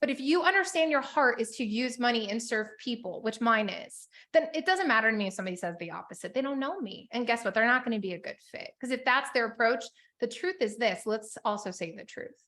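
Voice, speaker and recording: High, bright-voiced chatty woman coach. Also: lively intonation, a little fast, few pauses. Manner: chatty, upbeat, filler-heavy with many "like"s. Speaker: business coach. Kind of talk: motivational teaching to a live group.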